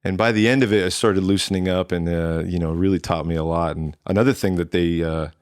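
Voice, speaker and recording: Deep-voiced man telling a story. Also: fairly quick, clear, resonant tone, no echo, clean studio sound. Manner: animated, quotes himself and others in lively voices. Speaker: drummer, interview guest. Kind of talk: casual storytelling chat.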